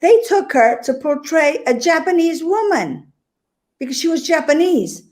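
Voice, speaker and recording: A woman's voice: high-pitched, very animated, unhurried, a little mellow. A woman hosting a casual interview chat, talking emphatically and animatedly with repeated words and restarts. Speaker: talk show host.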